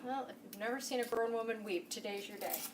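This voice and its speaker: A chatty woman with a bright, fairly high voice hosts a cooking demonstration in her home kitchen. She sits a little back from the camera mic, and sizzling pans and clattering utensils are clearly heard behind her. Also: quick pace, distant mic, background noise. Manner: chatty and enthusiastic, talks straight to the viewer. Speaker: home cooking show host.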